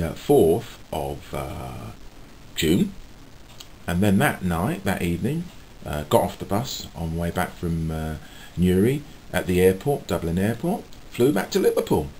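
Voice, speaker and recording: Guy rambling to his camera, low voice that swings up and down a lot, lots of ums and chuckles. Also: gravelly, darkish tone, slight background noise. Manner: rambling, chatty, with frequent fillers and chuckles. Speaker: vlogger and street musician. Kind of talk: casual chat to camera.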